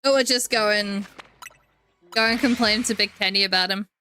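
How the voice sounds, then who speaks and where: A woman's voice: mid-range voice, moderate pace, pushed and bright, a little hiss or hum. A woman with a New Zealand accent streaming a video game, chatting casually with her viewers and her dog and laughing often. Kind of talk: casual chat while gaming.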